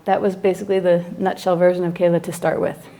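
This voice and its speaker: Woman psychologist, class lecturer, lively storyteller who acts out scenes. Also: on the low side, quick pace, vocal fry. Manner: animated storyteller acting out her own reactions.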